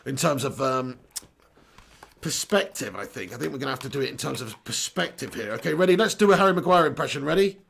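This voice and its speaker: A man's voice: medium pitch, expressive, quick pace, gravelly, fairly bright tone, husky. A young English man hosting a casual live stream, reading chat comments aloud, joking, laughing and swearing casually.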